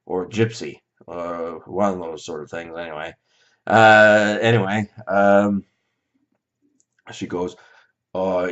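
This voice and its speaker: A Canadian man recounting a dream in a rambling, hesitant way, full of fillers and restarts. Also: low voice. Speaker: vlogger. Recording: slightly dull lo-fi audio.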